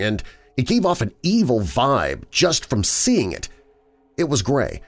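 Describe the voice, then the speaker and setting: Expressive male horror storyteller. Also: mid-range voice. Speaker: podcast host and narrator. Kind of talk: scripted horror story narration. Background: faint background music.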